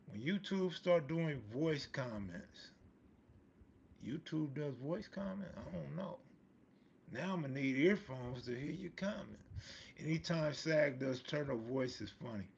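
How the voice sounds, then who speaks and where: A man's voice: medium pitch, vocal fry, a little mellow, dull audio, slight background noise. A man hosting a live stream, chatting casually in street slang and answering viewers' comments. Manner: laid-back street slang, reads and answers chat comments. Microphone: streaming mic.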